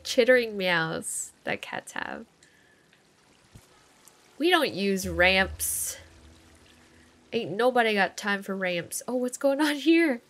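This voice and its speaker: A young woman hosting a let's play, excitable and gasping, cooing over the game's cat. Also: medium pitch. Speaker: gaming channel host. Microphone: desk condenser microphone.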